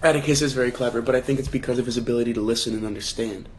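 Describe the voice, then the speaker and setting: A young man talks casually to his livestream audience through a phone, musing aloud about a novel. He restarts his sentences often and tosses questions to his viewers. His voice sits at an ordinary middle pitch. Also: fairly even intonation, rapid-fire, darkish tone, slight background noise. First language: English. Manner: thinking aloud, frequent restarts and rhetorical questions. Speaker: livestream host leading a book discussion.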